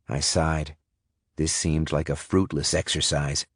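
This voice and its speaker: A man reading a thriller audiobook in first person, measured and suspenseful. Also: rumbling low, flat delivery, no room sound, studio quality. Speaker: audiobook narrator. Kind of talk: scripted audiobook narration.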